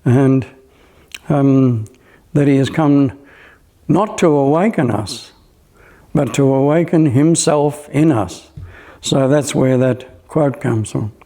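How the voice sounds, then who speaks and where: A man recalling old memories in a casual, halting way, with many pauses and fillers. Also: mid-range voice, warm tone. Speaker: storyteller recalling a spiritual gathering. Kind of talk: casual spoken recollection.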